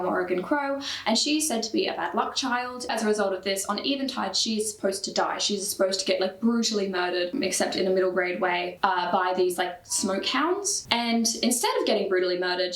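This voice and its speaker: A young Australian woman in her twenties, chatting casually about books, full of "like" fillers and quick bursts of speech. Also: mid-range voice, reverberant. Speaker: book vlogger. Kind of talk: casual book review chat.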